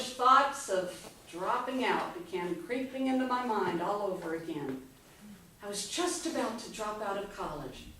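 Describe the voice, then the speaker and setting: A woman in her fifties giving an inspirational speech, telling her story with dramatic pauses. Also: on the high side. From Texas, USA. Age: 50s. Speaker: motivational speaker. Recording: echoey hall from far off, faint noise.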